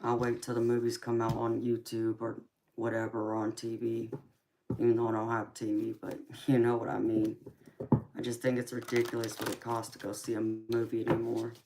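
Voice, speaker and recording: A woman reading tarot on a live stream, chatting casually with viewers and calling them sweetheart and honey, murmuring quietly as she tidies her cards. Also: a bass voice, monotone, normal speed, noisy background.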